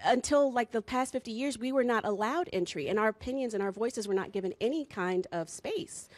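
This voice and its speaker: A woman's voice: fairly high pitch, a little fast, no room sound. A woman speaking as a panel guest on a TV discussion, making impassioned, articulate arguments point by point. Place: TV studio.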